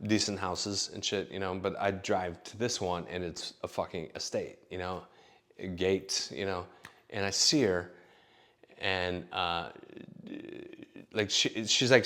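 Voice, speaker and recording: Deep low-voiced guy rambling through a story, swears a lot, lots of um and you know. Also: fairly even intonation, measured pace, sharp tone. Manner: rambling, profane, filler-heavy. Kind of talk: casual storytelling.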